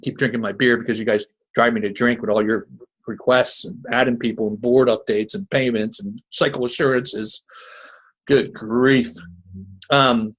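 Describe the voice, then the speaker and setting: A man with a Jersey accent, from New Jersey, hosts a crypto marketing call as a casual, rambling pitch. He's folksy and meandering, full of restarts and asides, and his medium-pitched voice is a bit bright.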